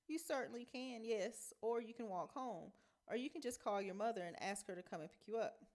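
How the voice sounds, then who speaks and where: A woman's voice: fairly high pitch, brisk, darkish tone, natural voice. A woman reading as a genteel, amiable man. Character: friendly, overly polite middle-aged man. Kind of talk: reading a novel aloud.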